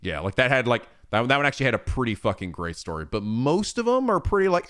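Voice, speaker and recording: Talking fast with few pauses in a smooth, mid-range voice, a streamer casually works through viewer messages. He's animated and profane, laughing as he answers and swearing frequently.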